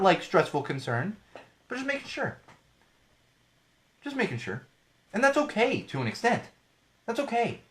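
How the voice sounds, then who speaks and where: A man's voice: high voice, fairly bright tone. A young man hosting a solo podcast, talking candidly and rambling, with frequent restarts and fillers. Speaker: podcast host. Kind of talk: casual solo podcast talk.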